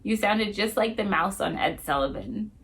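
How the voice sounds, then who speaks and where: A woman's voice: medium pitch, lively intonation, moderate pace. A woman doing a whispering, gossipy schoolgirl. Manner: conspiratorial hushed whispering. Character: gossipy witty sixth-grade girl.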